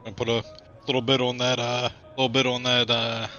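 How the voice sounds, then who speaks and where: A man playing a tabletop game, speaking in a laid-back, deadpan way. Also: medium pitch, brisk, highs cut off, soft background music. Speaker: player. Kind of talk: tabletop role-play.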